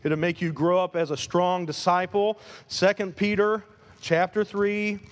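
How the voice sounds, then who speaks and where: A man preaching a sermon as pastor, animated, swinging between loud emphasis and quiet asides. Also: high-pitched, unhurried. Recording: long hall reverb.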